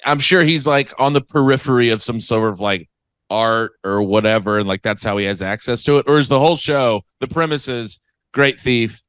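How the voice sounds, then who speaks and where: A man co-hosting a comedy podcast in casual chat, throwing in quick sarcastic quips. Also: mid-range voice, fairly even intonation, a bit bright, clear, resonant tone, dry recording. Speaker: podcast co-host.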